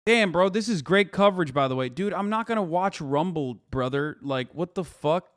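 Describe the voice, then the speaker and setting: A man in his thirties giving casual live-stream commentary, blunt, mocking and profane, talking fast in bursts. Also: high voice, animated, dry recording, studio quality. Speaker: political streamer.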